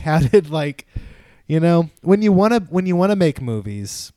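A man's voice: on the high side, a little slow, warm tone, smooth, no echo. A man co-hosting a movie podcast, talking casually and rambling with many fillers. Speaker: podcast co-host. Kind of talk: casual chat.

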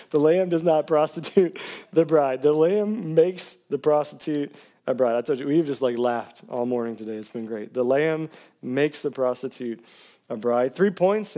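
Lively male pastor preaching a sermon. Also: fairly high pitch. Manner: energetic, calls out to the congregation for responses; laughs between phrases, casual filler words. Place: church sanctuary, live service.

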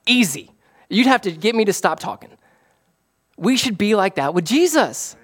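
A man, a pastor, preaching a casual, conversational sermon that rises to excited emphasis. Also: sits high, normal speed, slightly rough. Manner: animated, rising to excited emphasis.

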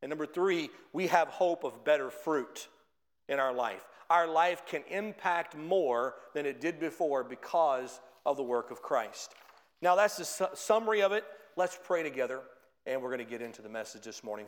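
A man preaching a sermon as pastor, emphatic, rising in pitch and force on his key points. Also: animated, normal speed. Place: church sanctuary. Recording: long reverb of a church hall.

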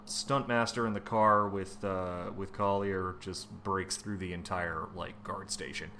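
A man's voice: low voice, fairly even intonation, unhurried, pushed and bright, slight background noise. A man co-hosting a podcast, recapping a comic book in casual, profane chat full of fillers and restarts. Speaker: podcast co-host.

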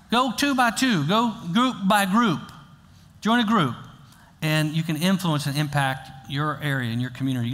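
An older man preaching from the pulpit, his voice a little higher than most men's. He moves between easy, conversational teaching and emphatic, repeated exhortations. His voice rings out with the long reverb of a church sanctuary. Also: a bit bright. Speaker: pastor. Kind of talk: sermon.

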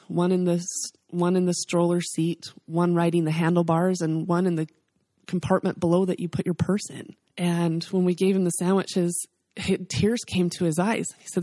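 Earnest woman with a low, mellow voice. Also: no room sound, studio quality. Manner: earnest, emotional, faith-filled storytelling. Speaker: guest, charity founder. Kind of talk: heartfelt storytelling interview.

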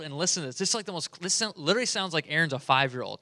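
A male pastor preaching a sermon in a conversational, animated way. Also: on the high side, racing, hardly any pauses, dry recording, studio quality. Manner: conversational, animated, chuckles often.

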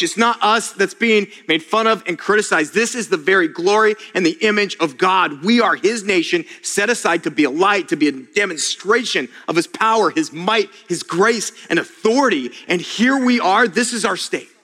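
A man's voice: sits high, bright, forceful tone. A man preaching a sermon as a pastor, earnest and casual, often restarting his words and addressing listeners as "you guys.". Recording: long reverb of a large hall.

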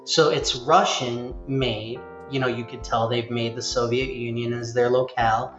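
Speaking at a moderate pace in a mid-range voice, this male host keeps a casual chat going, wandering from point to point and animatedly performing the quotes he tells. Faint music plays under a roomy, somewhat dull recording.

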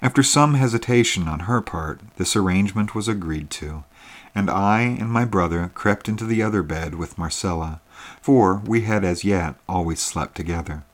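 A man narrating a classic tale in a measured, even reading. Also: sits low.

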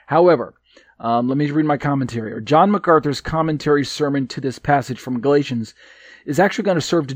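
A man with a mid-range, darkish voice teaches from a Bible commentary he wrote, reading and explaining it. He's hesitant, full of fillers and restarts, and presses hard on his key points. There's no room sound.

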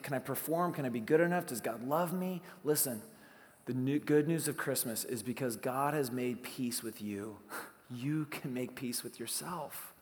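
A man preaching a sermon as pastor, talking conversationally, asking rhetorical questions and swinging between hushed lines and emphatic ones. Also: medium pitch, big-room sound.

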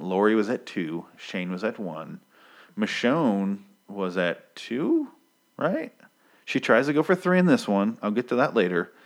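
A man giving a casual, profane recap, rambling excitedly, interrupting himself and swearing freely. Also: fairly low pitch. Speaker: comic book recap host.

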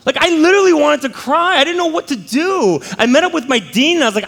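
Animated man preaching in a reverberant hall. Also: very high-pitched, quick pace, vocal fry. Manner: animated storytelling, exclamatory. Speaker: pastor. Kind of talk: sermon with personal story.

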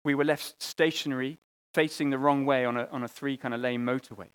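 A man preaching a sermon, earnest, often repeating words and swinging between loud appeals and quiet, hushed lines. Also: mid-range voice, fairly even intonation, fairly quick, clean tone.

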